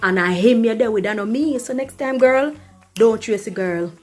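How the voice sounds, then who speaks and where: A woman's voice: a little high, normal speed, close to an everyday voice. A woman voicing a blunt, unbothered young Jamaican woman in a comedy skit, lecturing in a patois-laced, dismissive way.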